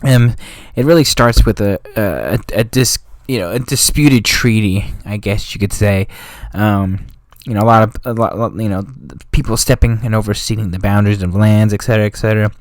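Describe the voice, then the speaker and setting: A man's voice: lowish voice, moderate pace, no echo. Slangy man explaining history, dry sound. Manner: slangy and offhand, drifting into street talk; rambling, with frequent self-corrections. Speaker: history channel host.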